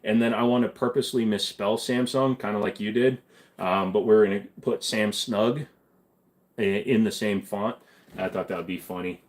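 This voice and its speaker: A man's voice: fairly low pitch, fairly even intonation, normal speed. A young adult man hosting a live stream, chatting casually, reading comments and answering bluntly with plenty of profanity.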